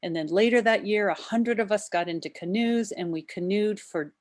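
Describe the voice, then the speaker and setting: A woman's voice: mid-range voice, no echo. A woman, a marine biologist and activist, telling her story in an impassioned, earnest way with many restarts and shifting pace. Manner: impassioned, frequent restarts, speeds up and slows down. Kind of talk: earnest first-person storytelling talk.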